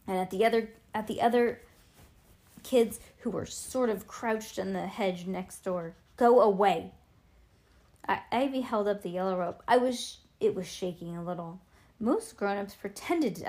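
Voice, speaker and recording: A woman reading a children's storybook aloud, playful and relaxed, who breaks off for chatty asides to her young listener. Her pitch sits in an ordinary middle range. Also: moderate pace. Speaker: storybook reader.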